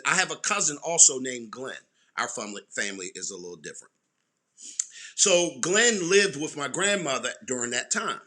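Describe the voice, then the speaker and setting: Brief: animated Baltimore man, middle-aged host, bright voice with a lot of swing. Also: fairly high pitch. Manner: animated, repeats words, keeps the audience close. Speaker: podcast co-host. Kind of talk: casual storytelling chat.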